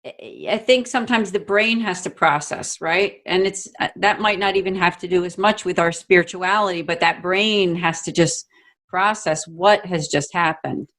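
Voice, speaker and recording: A woman hosting a podcast, thinking aloud in a reflective, agreeable way with soft fillers. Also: lowish voice, normal speed. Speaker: podcast host. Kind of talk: conversational podcast talk.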